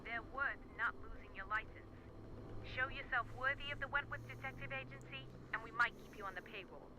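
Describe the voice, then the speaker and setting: An actress voices a middle-aged woman official from a detective agency, phoning with a Boston accent. Her voice sits high and her manner is polite but pressing. The line carries clear background noise. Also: brisk, lightly acted.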